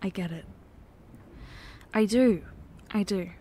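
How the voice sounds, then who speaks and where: A woman doing a whispered role-play as a girlfriend, speaking in a tender, pleading, soft-spoken way. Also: mid-range voice, takes it slowly, a little hiss or hum. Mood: apologetic. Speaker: ASMR performer.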